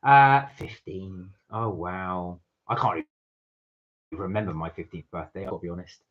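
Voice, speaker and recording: A man's voice: sits low, unhurried, a bit bright. A man co-hosting a casual live-stream chat, reading viewer comments aloud with frequent uhs. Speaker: vlog co-host. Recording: dull lo-fi stream audio.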